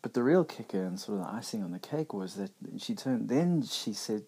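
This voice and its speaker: A man's voice: on the low side, expressive, fairly quick, hardly any pauses, dark tone, breathy edge. A middle-aged man hosting a podcast, talking candidly and reflectively in a conversational way with many restarts. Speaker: podcast host. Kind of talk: reflective personal monologue.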